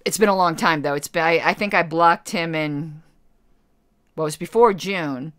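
A woman's voice: deep voice, moderate pace, fairly bright tone, no room sound, studio quality. A woman hosting a casual livestream, answering chat questions in a rambling, blunt way and correcting herself as she goes. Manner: chatty, rambling self-corrections, blunt asides. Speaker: party committee member hosting a livestream.

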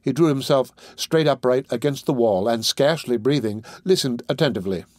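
Male audiobook narrator, mid-range voice, steady delivery, dry close recording. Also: medium pitch, brisk, dry recording. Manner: steady, even storytelling. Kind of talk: scripted narration.

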